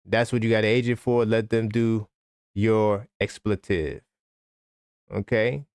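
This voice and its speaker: A man hosting a live sports talk stream, ranting casually with lots of fillers and sudden jumps in pitch. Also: a little slow, clear, resonant tone, no echo. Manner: animated, conversational, frequent fillers. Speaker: sports talk livestream host.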